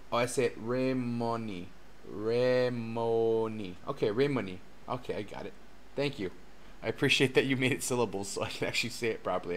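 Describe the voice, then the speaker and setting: A man hosting a casual livestream as a cryptocurrency educator, excitable and chatty, laughing often and swearing casually. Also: medium pitch, slight background noise. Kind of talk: casual live-stream chat. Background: faint background music.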